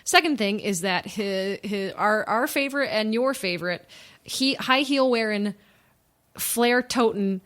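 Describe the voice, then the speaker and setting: A woman's voice: medium pitch, measured pace, fairly bright tone. Giggly chatty woman podcast host. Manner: chatty, giggly, trips over her words. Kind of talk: casual podcast chat.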